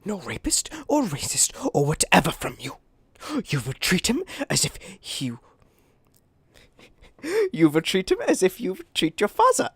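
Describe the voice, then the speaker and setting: A cruel young woman enforcer hisses her threats in a low, menacing whisper, as a podcaster puts her on. This is whispered role-play, and the sound is close and dry. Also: huge pitch swings, unhurried, breathy edge, no echo, exaggerated voice.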